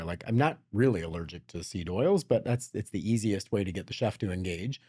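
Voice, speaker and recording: A man hosting a podcast, telling animated stories and acting out the dialogue in casual chat. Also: mid-range voice, fast talker, hardly any pauses, breathy edge. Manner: animated storyteller, acts out dialogue. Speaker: podcast host.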